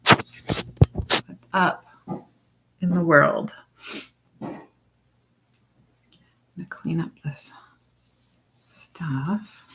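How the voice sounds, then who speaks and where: A woman's voice: fairly even intonation, drawn-out words, long pauses. A woman hosting a casual crafting livestream from home, chatting with viewers and talking to her dog in baby talk now and then. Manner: slips into high baby talk with her dog, drops to soft whispers.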